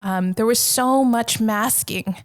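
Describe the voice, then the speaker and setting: A woman's voice: a little high, slow pace. A woman from Canada, a psychotherapist guest on a podcast, telling her story in an earnest, reflective way with many restarts. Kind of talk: candid conversational storytelling.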